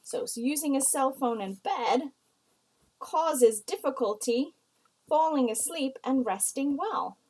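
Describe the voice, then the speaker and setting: Female writing teacher, a touch high-voiced, patient and explanatory delivery. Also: expressive, a little mellow, poor audio. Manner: slow, explanatory, reads example sentences aloud. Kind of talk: recorded writing lesson.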